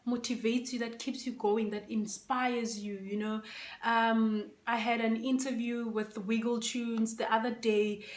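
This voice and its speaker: A woman's voice: fairly high pitch, roomy sound. A woman vlogger chatting casually to her phone camera, emotional and close to tears, with many fillers. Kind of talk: casual unboxing chat.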